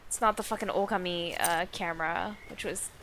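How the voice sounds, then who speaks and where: A woman's voice: fairly low pitch, steady tone, a little fast, heavy background noise. A woman streamer giving playful, giggly, chatty commentary while she plays a game. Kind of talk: casual gameplay commentary. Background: game music.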